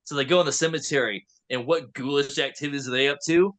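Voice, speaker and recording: A man's voice: on the high side, quick pace, fairly bright tone. A man in his thirties chatting on a podcast, animatedly retelling a story and slipping into quoted character voices. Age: 30s. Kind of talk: casual podcast recap chat.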